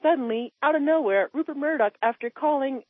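A woman calling in to a talk radio show, ranting about politics with passion, her voice climbing high when she is upset. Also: brisk, no room sound. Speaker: caller. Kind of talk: heated political phone-in rant. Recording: tinny phone line.

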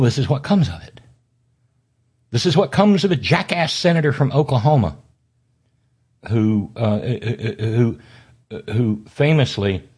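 A man's voice: medium pitch, a little mellow, slightly rough. A man delivering an impassioned, sarcastic political monologue as a talk show host, fiery and stumbling through frequent restarts.

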